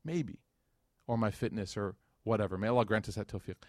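A man's voice: fairly low pitch, a little fast, dry recording, studio quality. A man giving a casual religious lecture, telling a story and acting out the dialogue with slangy asides. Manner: animated, acts out quoted dialogue.

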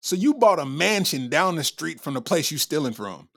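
Man, comedy podcast host, lively swinging pitch, slangy and incredulous, laughs a lot. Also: moderate pace, vocal fry. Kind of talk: casual comedic commentary reading chat.

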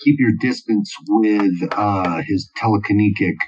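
A man narrating a tabletop game as game master over a voice call, speaking haltingly with many fillers. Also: fairly low pitch, muffled recording, background noise.

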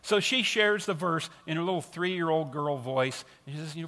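A man preaches to his congregation with an earnest, emphatic delivery, leaning on repeated phrases to drive points home. His voice sits a little high for a man. It rings with the long reverb of a large hall. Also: normal speed, hardly any pauses, pushed and bright. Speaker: pastor. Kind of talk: sermon.

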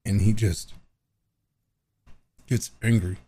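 Casual, halting male player. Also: on the low side, fairly even intonation, mellow, husky. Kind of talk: tabletop role-play, describing his character.

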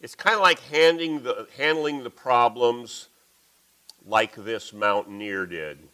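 Middle-aged male preacher, folksy, animated, bright tone. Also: mid-range voice, slow pace, rough recording. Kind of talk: sermon.

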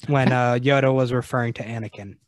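A man co-hosts a film podcast in a relaxed, easygoing way and pads his points with "like" and "uh". His voice sits at a middle pitch. The sound is dry and close-miked. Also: quick pace, no echo. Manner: easygoing, hedging with "like". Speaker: podcast co-host. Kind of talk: casual movie discussion.

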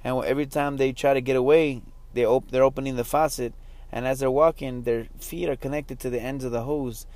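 A man's voice: medium pitch, fairly even intonation, a little fast, darkish tone, no room sound. A young adult man hosting a podcast, rambling in a casual, slangy and self-mocking way. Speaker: podcast host.

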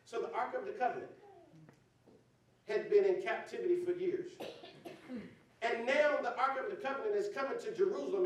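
A man preaching a sermon as pastor, talking to his congregation as y'all and rising into shouts. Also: sits high, moderate pace, long pauses. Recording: echoey hall, distant mic, faint ambience.

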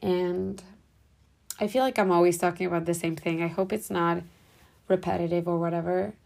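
Young woman podcast host, low gravelly voice, flat delivery, loose and rambling. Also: moderate pace. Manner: rambling, heavy use of "like" and "whatever". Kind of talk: casual reflective monologue.

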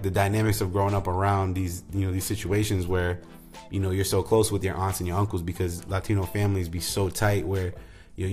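A young adult man casually introducing comedy clips, relaxed and rambling with many fillers. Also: sits low. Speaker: podcast host. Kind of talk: casual commentary.

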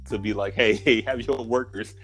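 A man's voice: lowish voice, steady tone, normal speed, a bit bright, faint music behind. A man in casual chat, telling a story with frequent laughter.

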